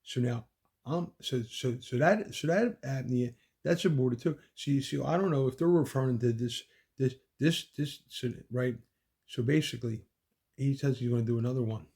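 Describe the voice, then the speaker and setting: A man's voice: mid-range voice, moderate pace, a little mellow, breathy edge. A man telling a rambling personal story, profane and repetitive, with many restarts. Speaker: son recounting his mother's death.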